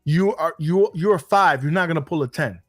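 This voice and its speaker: A man co-hosting a casual gaming podcast, joking and swearing through animated banter. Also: on the high side, brisk, dry recording, soft background music. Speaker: podcast co-host.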